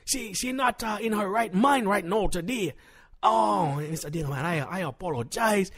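A man playing a boastful, hot-tempered Jamaican husband calling a comedy radio show, with a Jamaican accent, preaching in broken grammar and flaring into shouts. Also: mid-range voice, lively intonation, moderate pace, husky. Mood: apologetic. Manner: flares into shouting. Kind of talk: comedy radio call-in sketch.

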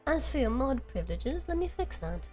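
A woman's voice: sits high, very animated, fairly quick, darkish tone, faint music behind. A woman streaming a game, chatting casually with her viewers in a playful, mock-serious, joking way.

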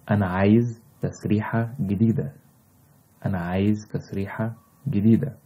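A man with an Egyptian accent teaches vocabulary at an unhurried pace, saying each word over and over. His low voice is husky, and the recording sounds dull and lo-fi. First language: Egyptian Arabic. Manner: repeats each word several times, drawn-out and patient. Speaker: language teacher. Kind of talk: slow vocabulary lesson with repetition.

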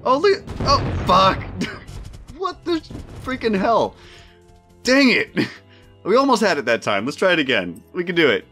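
Guy doing let's play commentary, laughs a lot, swears when stuff blows up, drawn-out slow talk, bit of music under it. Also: high voice. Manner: excitable, laughs often, swears at mishaps. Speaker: gaming video host.

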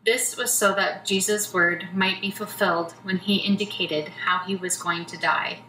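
Woman scripture narrator, bright tone, lower pitch, far mic in a roomy church. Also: steady tone, moderate pace. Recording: roomy church from a distance, faint noise.

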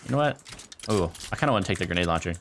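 A man's voice: low voice, gravelly, a little hiss or hum. A young man streaming a shooter game, chatting casually, joking and laughing often as he plays. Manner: excitable, joking, quick to laugh. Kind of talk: casual gameplay chat.

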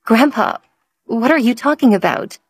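A woman reading the lines of a defiant young heiress who asks impatient, quick questions. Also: fairly high pitch, animated, breathy edge, no echo, voice pushed up. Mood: heartfelt.

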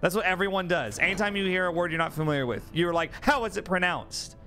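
A man's voice: sits high, quick pace, bright, forceful tone, soft background music. A man streaming a co-op game, chatting casually, rambling and joking with friends and swearing freely. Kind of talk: casual chat while gaming.

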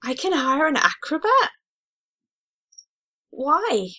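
A young woman giving casual, excitable commentary while playing a life-simulation game, gushing over cute pets. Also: high voice, takes it slowly, lo-fi sound. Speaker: gaming video host.

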